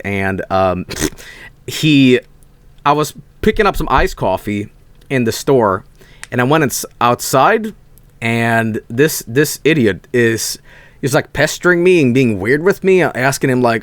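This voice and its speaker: A man's voice: medium pitch, animated, moderate pace, a bit bright, no room sound. A man streaming, telling a rambling, profane anecdote in casual storytelling style.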